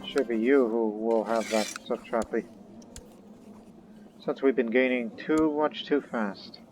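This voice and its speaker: In a dull lo-fi recording with faint game music underneath, a man talks slowly through a strategy game, rambling casually and reasoning aloud as a let's-play gamer. His voice is mid-range with a darkish tone.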